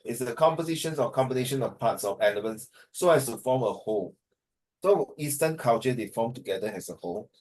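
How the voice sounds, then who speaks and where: A man's voice: medium pitch, lively intonation, a little fast, a little mellow, rough recording. A tired man teaching an online class over a video call, talking in a hesitant, rambling way and slipping into Mandarin.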